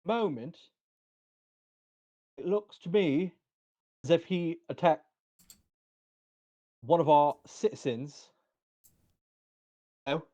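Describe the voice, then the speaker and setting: A man's voice: on the high side, expressive, takes it slowly, long pauses, mellow, lo-fi sound, voice pushed up. A man voicing a bossy male town guard captain with a barking, pompous manner. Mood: accusing.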